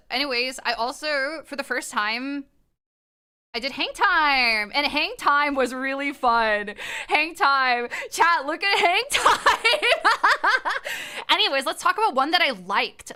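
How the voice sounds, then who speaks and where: A young adult woman streaming live, chatting casually with her viewers, excitable, laughing often and swearing freely. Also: high voice.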